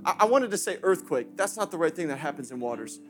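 A male pastor preaching passionately, swinging from loud calls to hushed asides with playful remarks to the congregation. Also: a little high, very animated, fast talker, soft background music. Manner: impassioned preaching with sudden shifts from shouting to hushed. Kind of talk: sermon.

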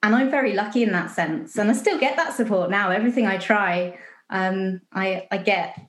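A woman's voice: medium pitch, normal speed. Upbeat young Englishwoman on a video call. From southern England. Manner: chatty and upbeat, with frequent ums. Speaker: guest, financial advisor. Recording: echoey room.

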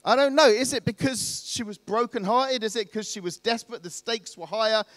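Speaking a little fast, a preacher with a notably high and fairly bright voice delivers a storytelling sermon. He addresses listeners conversationally, raising rhetorical questions along the way, in a close, dry recording with almost no echo.

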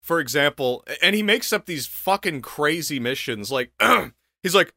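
A young man in casual comedic chat, telling an animated story full of laughter and swearing. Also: on the high side, a little slow, vocal fry, no room sound, clean studio sound.

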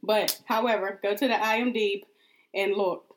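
A woman chats casually as a podcast co-host. She is laid-back but insistent, swears offhandedly and laughs easily. Her pitch sits in a middle range. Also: fairly even intonation, normal speed, slight background noise. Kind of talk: casual chat.

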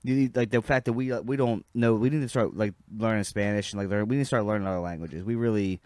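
A man co-hosting a casual podcast chat, speaking haltingly with many restarts and some swearing. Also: fairly low pitch, fairly even intonation, a little mellow, no echo, studio quality. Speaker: podcast co-host.

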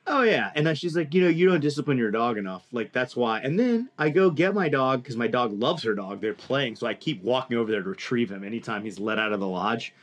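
A man telling a long story in casual chat, animated and profane, acting out the people he quotes. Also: medium pitch, brisk, hardly any pauses. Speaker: podcast co-host telling a story.

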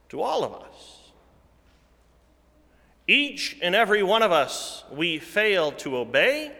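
A male preacher delivers his sermon at a very slow, deliberate pace. His voice is bright and sits a little high. It swells and sinks to near-whispers inside a big, reverberant sanctuary. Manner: slow, deliberate preaching that swells louder then drops to a hush.

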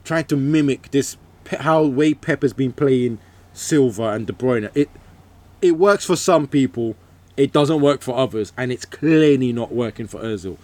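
A man's voice: mid-range voice, moderate pace, dark tone. A man co-hosting a football podcast, giving firm, explanatory opinions in casual banter. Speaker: podcast co-host.

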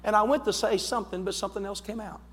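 High-pitched ohio preacher guy, telling stories and working up to shouts, big church echo. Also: fairly even intonation, fast talker. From United States. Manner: fervent storytelling, building to shouts. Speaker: pastor. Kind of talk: sermon. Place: church sanctuary. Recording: long church hall reverb.

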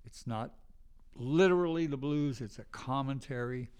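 A mid-range, darkish, clear and resonant voice belongs to an older man, a guest musician in a casual interview. He relates rambling anecdotes at a moderate pace, often acting out the voices of the people he quotes.

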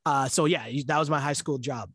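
A man's voice: mid-range voice, fairly quick, a bit bright, husky, dry recording, studio quality. A man from Canada co-hosting a podcast in casual chat, chatty and self-mocking, laughing often. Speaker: podcast co-host.

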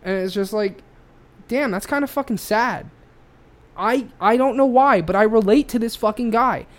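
A man's voice: high voice, moderate pace. A man co-hosting a casual podcast, swearing freely and telling a story with rising feeling. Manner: profane, animated storytelling. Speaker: podcast co-host.

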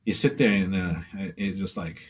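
A pastel artist appears as an interview guest, speaking in a low, husky voice with fairly even intonation at a moderate pace. He rambles through his stories with plenty of fillers, acting out what other people said.

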